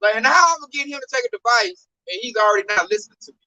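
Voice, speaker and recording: A man's voice: very high-pitched, expressive, racing, pushed and bright, no echo. A man preaching an informal sermon with fervor, studding his talk with "you know" and "man," recorded from a distance. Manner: fervent, heavy use of "you know" and "man". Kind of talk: informal sermon teaching scripture.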